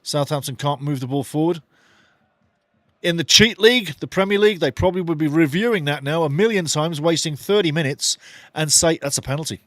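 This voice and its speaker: A man's voice: a little high, a little fast, fairly bright tone, no room sound. A man giving passionate, opinionated live fan commentary on a football match, calling the play in short clipped phrases and speaking bluntly, with some swearing. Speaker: watch-along football commentator.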